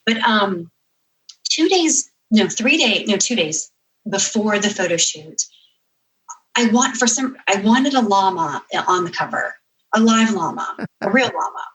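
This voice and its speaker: A woman guest chats through a long story with lots of energy. She rushes her asides and backtracks over details. Her pitch sits in the middle for a woman. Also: low-quality recording. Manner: animated storyteller, quick asides and self-corrections. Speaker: podcast guest, author. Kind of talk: casual interview chat.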